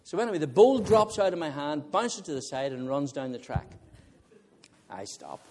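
Male preacher, slightly high-pitched, animated storyteller who laughs and chats with the congregation. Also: normal speed, slight background noise. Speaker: visiting preacher. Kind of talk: sermon with humorous personal story.

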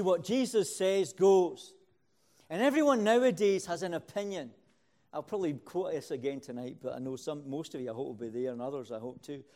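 A man preaching a sermon, starting quiet and building to loud, repeating phrases for emphasis. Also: a little high.

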